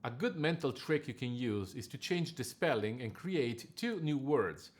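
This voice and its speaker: Measured male diction coach. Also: medium pitch, animated. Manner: measured, precise explanations. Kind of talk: scripted instructional narration.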